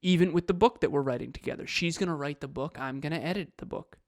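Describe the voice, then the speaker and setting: A man's voice: a little high, fast, dry recording, clean studio sound. A man co-hosting a podcast, explaining his ideas earnestly with examples. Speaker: podcast co-host. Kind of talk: casual podcast talk.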